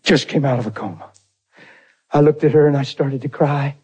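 A man preaching a personal testimony, acting out the dialogue, swinging from near shouts to hushed tones. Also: mid-range voice, normal speed, husky, dull audio. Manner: acts out dialogue in his story. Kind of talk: testimony sermon.

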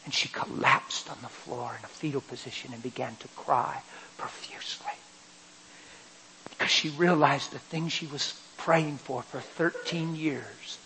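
A man preaching a sermon, telling an emotional personal story and building to loud, fervent passages. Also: medium pitch, slight background noise, rough recording.

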